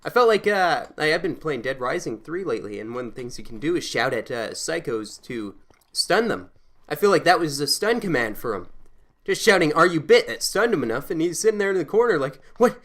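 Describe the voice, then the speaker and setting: A young Canadian man telling an animated, excitable story while playing a game, with frequent restarts and loud bursts. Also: fairly high pitch, brisk. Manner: animated, excitable, acts out quotes loudly. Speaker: gameplay commentator. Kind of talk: casual storytelling over gameplay.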